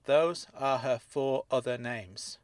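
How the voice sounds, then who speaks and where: A man voicing a sharp-tongued middle-aged woman fraudster who speaks in a measured, wry way. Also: mid-range voice, dry recording, natural voice. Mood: curt.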